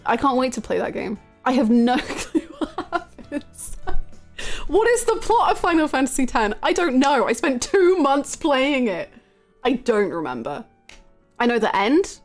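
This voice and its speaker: A woman's voice: high voice, very animated, a little slow, faint music behind. Giggly, rambling woman streamer. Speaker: game streamer. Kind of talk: casual live-stream chat with viewers.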